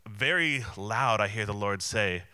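Earnest man telling a bright testimony. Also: fairly low pitch, expressive, unhurried, smooth, dry recording. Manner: earnest, candid, emotionally open. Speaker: Christian minister and conference speaker. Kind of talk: personal testimony storytelling.

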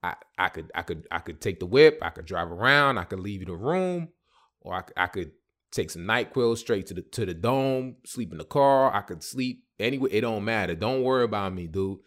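A man voicing his loyal, easygoing male buddy, who talks in a slow, earnest and reassuring way. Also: on the low side, lively intonation, fairly bright tone.

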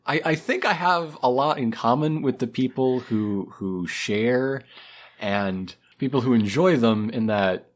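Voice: medium pitch, unhurried. Wry podcast co-host with jokey asides. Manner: wry, reflective, cracks jokes. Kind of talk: casual chat with jokey asides.

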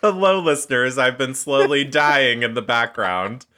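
Man, bright, forceful tone, giggly, casual podcast guest. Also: mid-range voice, measured pace. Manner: giggly, laughs between words.

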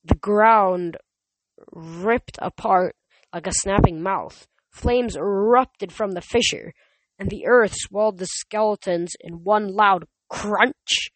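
A first-person storyteller reading at an even middle pitch, close to the mic in a dry, dead space. The telling is steady and plain, with the odd stumble and restart. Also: slow, no room sound, low-quality recording. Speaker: audiobook reader.

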